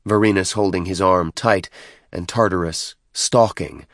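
A man narrating a novel in a steady, measured way, his voice sitting on the low side. The recording is close and dry, with no room sound. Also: no room sound. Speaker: audiobook narrator. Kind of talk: scripted narration.

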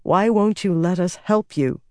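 A man's voice: sits high, measured pace, mellow, no echo, clean studio sound. A man putting on a fiery young woman healer. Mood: pleading.

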